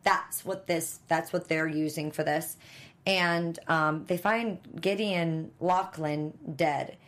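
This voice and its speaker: A woman's voice: deep voice, fairly even intonation, slow, a bit bright. A woman co-hosting a fan after-show, recapping an episode in casual chat, rambling with lots of ums and uhs. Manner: rambling, filler-heavy storytelling.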